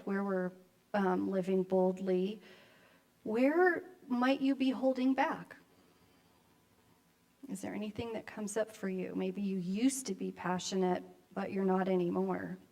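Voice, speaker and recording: An older woman, a grandmother and minister, giving a conversational sermon in a church, with reflective pauses and friendly asides. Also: medium pitch. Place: church sanctuary.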